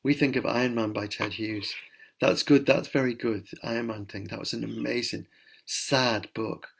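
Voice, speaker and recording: Middle-aged male author for a home live Q&A, gravelly, rambling and keen. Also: medium pitch, steady tone, normal speed. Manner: chatty, enthusiastic, rambling. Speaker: children's author answering reader questions. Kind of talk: casual live Q&A. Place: at home during lockdown.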